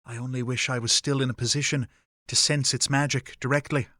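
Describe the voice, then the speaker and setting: Calm, detached Fae man speaking in measured, formal phrases, as a male narrator puts him on. The audiobook voice is close and dry, with a middle pitch. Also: no echo. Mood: remote.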